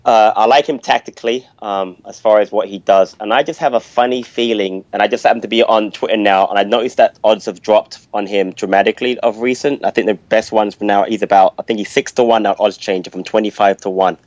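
Low-voiced man on a dull dry line. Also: fairly even intonation, fairly quick, few pauses, a little mellow, dry recording. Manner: hesitant, emphatic opinions. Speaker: pundit guest. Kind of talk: casual football chat.

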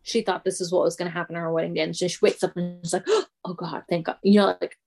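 A woman's voice: fairly low pitch, level tone, quick pace, gravelly, darkish tone, faint music behind. Wry, blunt woman in casual chat. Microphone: remote call.

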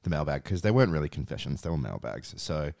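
A man's voice: a bass voice, fast talker, creaky, dry recording, studio quality. A man co-hosting a podcast, joking around and reading out listener mail. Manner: animated, jokey, reads out listener mail. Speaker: podcast co-host. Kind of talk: casual chat.

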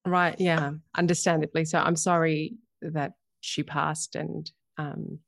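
A woman hosting an interview, speaking in a gentle, measured and supportive way. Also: sits low, flat delivery, creaky, dry recording. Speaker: podcast host. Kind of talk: interview conversation.

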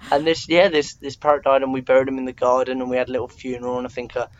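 A man's voice: medium pitch, level tone, very fast, dull audio. A young man from England in his twenties, chatting casually and telling rambling stories with self-mocking asides. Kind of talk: casual chat.

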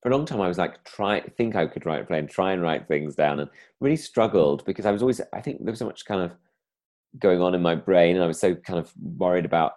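A man's voice: low voice, lively intonation, quick pace, darkish tone. A man, a comedian, chatting casually in a rambling way, full of fillers and restarts. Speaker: comedian guest. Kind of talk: casual conversation.

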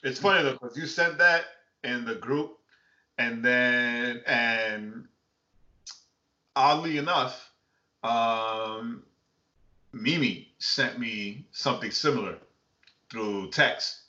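A man who is a pastor chatting casually on a podcast, animated, laughing often and acting out quotes. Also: mid-range voice, slow pace, pauses often. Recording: echoey room, dull lo-fi sound.

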